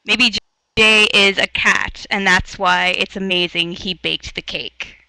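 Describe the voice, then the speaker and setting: A woman from Canada teaching an online English lesson, patient and encouraging, explaining slowly. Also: mid-range voice, steady tone, creaky, pushed and bright, no room sound, rough recording. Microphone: video call headset or laptop mic.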